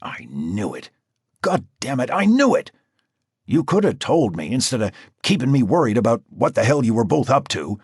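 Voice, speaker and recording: A man's voice: mid-range voice, very animated, fairly quick, hardly any pauses, darkish tone, slightly rough, no echo, studio quality. A man voicing a worried, sarcastic police supervisor in an audiobook. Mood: scolding. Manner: sarcastic, scolding. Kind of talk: audiobook character voice.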